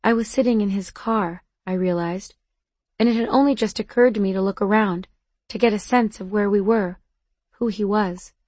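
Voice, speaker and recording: A woman's voice: medium pitch, moderate pace, a little mellow, no room sound. A woman narrating a first-person novel aloud in an intimate, emotional, confessional way. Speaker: audiobook narrator.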